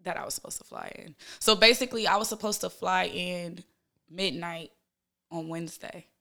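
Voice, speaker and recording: A woman from Los Angeles chats as a guest, rambling and quick to laugh. Her voice is bright and edgy, with a lot of vocal fry at the ends of her phrases. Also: on the low side. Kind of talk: casual chat.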